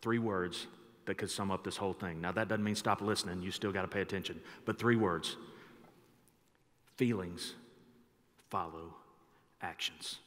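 Emphatic pastor preaching in a reverberant hall. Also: male voice, sits low, fairly even intonation, a little fast. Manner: emphatic, varies loudness for effect. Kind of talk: sermon. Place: church sanctuary. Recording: long church hall reverb.

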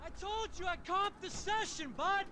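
A man's voice: very high-pitched, moderate pace, a little hiss or hum. An actor playing a laid-back, placating male tennis coach in a video game. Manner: mellow, placating, surfer-like.

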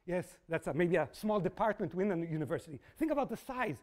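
A man's voice: high-pitched, fast talker. A middle-aged man giving an open university lecture, telling stories with quoted voices and checking in with the audience. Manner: animated storytelling with quoted voices; asks audience "yes?" and "okay?". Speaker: guest lecturer.

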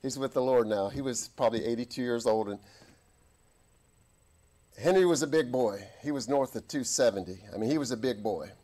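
A middle-aged man preaching a sermon as an army chaplain, telling stories and acting out voices in the quotes. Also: a little fast. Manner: animated, acts out quotes with big pitch jumps. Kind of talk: sermon with storytelling. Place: church.

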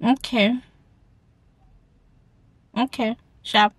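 Relaxed South African woman vlogging. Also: on the high side, very slow, slightly rough. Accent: South African, mixing in isiZulu words. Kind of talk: casual vlog to camera.

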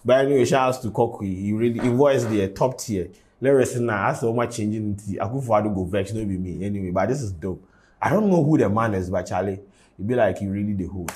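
A man reacting to a clip in slow, casual remarks laced with pidgin slang. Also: on the low side, a little mellow. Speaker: reaction video host.

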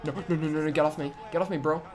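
Young male gaming YouTuber, high-pitched, hyped trash-talk with loud outbursts. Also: racing, some chatter behind. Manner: excitable, trash-talking the opponent, sudden loud outbursts. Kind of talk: let's-play commentary.

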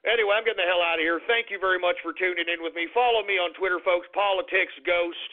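A man's voice: high-pitched, fast talker, few pauses. Blustery ranting man on a tinny line. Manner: profane, blustery, repeats himself. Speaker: radio talk show host. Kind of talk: casual ranting radio monologue.

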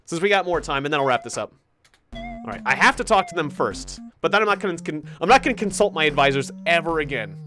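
A woman's voice: low-pitched, animated, quick pace, fairly bright tone, faint music behind. A woman hosting a let's play, giving casual, giggly commentary and reading game text aloud.

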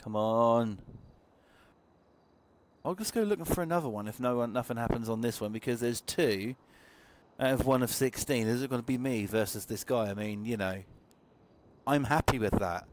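A man streaming a racing game live, chatting loosely and excitably to viewers and swearing often as he plays. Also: mid-range voice, normal speed. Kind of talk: casual live-stream commentary while playing. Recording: racing game noise loud behind the voice. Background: game engine and car sounds.

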